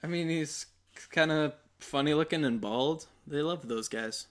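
Wry, slightly high-voiced male podcast host. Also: measured pace. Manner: joking, wry, chatty. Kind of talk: casual podcast chat.

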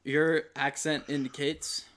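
A man's voice: on the high side, level tone, slow, a bit bright. A man hosting a podcast in casual, joking chat with his co-host. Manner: joking, wry, chatty.

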